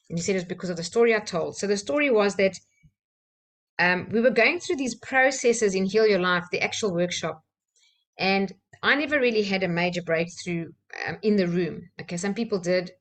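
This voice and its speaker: Candid woman telling a personal story. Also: fairly low pitch. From South Africa. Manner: open, candid, with soft laughs and fillers. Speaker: trainer sharing a personal story.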